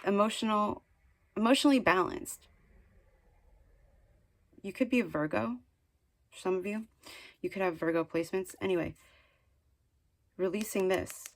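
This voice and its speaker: In a casual tarot session, a woman chatters on with lots of fillers and restarts, earnestly nudging the listener with encouragement that edges into mild scolding. Her voice is medium-pitched at a moderate pace, and she pauses often.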